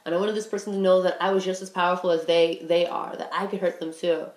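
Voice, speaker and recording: A woman's voice: fairly low pitch, little pitch movement, quick pace, darkish tone, roomy sound. A woman in her twenties talking candidly and rambling about her own feelings, with many fillers. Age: 20s. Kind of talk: casual personal talk.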